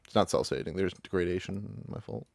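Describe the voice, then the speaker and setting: A man's voice: deep voice, fairly quick, vocal fry. A man co-hosting a podcast, chatting casually and joking while reviewing videos. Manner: joking, opinionated. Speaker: podcast co-host. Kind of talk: casual chat.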